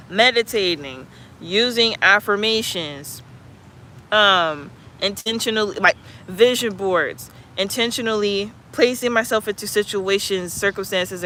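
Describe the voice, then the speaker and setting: High bright guy just musing out loud, lots of likes, faint street noise around. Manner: loose and musing, many "like" fillers. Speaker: channel host. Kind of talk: casual reflective chat.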